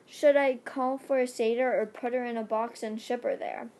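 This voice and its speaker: A young woman voicing a dry, sarcastic teenage boy who mutters deadpan remarks. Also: fairly high pitch, normal speed, natural voice.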